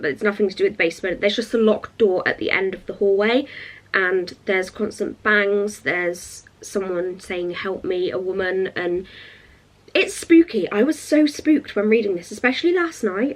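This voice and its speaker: A young woman, chatting excitedly in a casual reading vlog. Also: medium pitch, moderate pace. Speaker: book vlogger.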